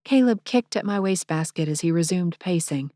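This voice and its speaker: A woman narrating a first-person romance audiobook in a soft, intimate manner, on a close studio mic. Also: on the low side, expressive, fairly quick, no room sound.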